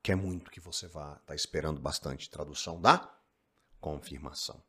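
A man with a Brazilian Portuguese accent teaching an online English lesson, explaining film dialogue in an animated way. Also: rumbling low, brisk, slightly rough. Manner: animated, acts out film lines.

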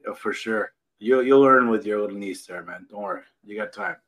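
A man's voice: fairly low pitch, brisk, a bit bright, rough recording. A man in his thirties, a podcast guest, chatting casually with teasing humor about family. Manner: joking, teasing storyteller. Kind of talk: casual chat.

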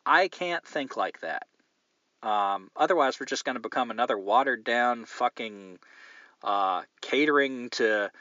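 A man's voice: medium pitch, pushed and bright, no room sound, muffled recording. A man hosting a podcast, reading listener mail and chatting in a candid, meandering, profane way. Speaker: podcast host.

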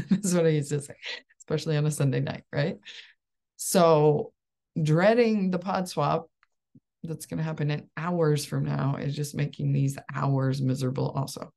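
A woman in her thirties talks through a coaching idea in a casual, upbeat way, laughing often. Her voice sits low with a gravelly, creaky edge. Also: warm tone. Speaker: life coach and support group host. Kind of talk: casual solo coaching talk.

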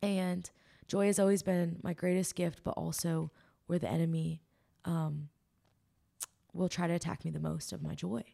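A woman with a fairly low voice and a gravelly, creaky edge shares a personal faith testimony as a podcast guest. She talks in an earnest, emotional way, rambling through ums and likes as she goes. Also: little pitch movement, moderate pace, pauses often, mellow.

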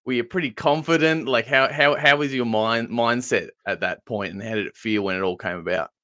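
A man's voice: medium pitch, a little fast, pushed and bright. A man, co-hosting a podcast and asking stumbling, repeated questions. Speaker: podcast co-host. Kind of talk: casual podcast interview.

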